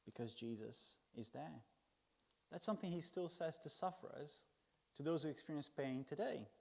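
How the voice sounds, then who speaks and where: A man preaching a Sunday sermon in church, expressive, swinging from loud emphasis to hushed words. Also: fairly high pitch.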